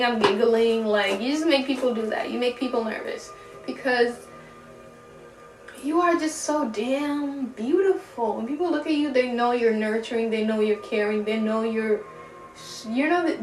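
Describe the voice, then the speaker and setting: A young woman with a fairly high voice gives a casual tarot reading, chatty and giggly, swearing lightly and stretching words for emphasis. She sits a little back from the mic in an echoey room at home. Faint music plays behind her. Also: recorded from a distance. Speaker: tarot reader.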